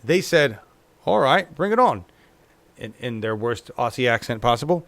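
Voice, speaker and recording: A man's voice: medium pitch, expressive, normal speed, a bit bright. A man hosting a casual political chat show, talking loosely and profanely and often tagging on "right?". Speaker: show host.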